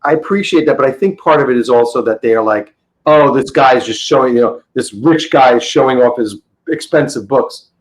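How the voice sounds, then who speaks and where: A man's voice: mid-range voice, fairly quick, poor audio. Enthusiastic rambling man telling stories. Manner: rambling, enthusiastic, many restarts. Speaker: interview guest, comic book dealer. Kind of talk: casual podcast storytelling.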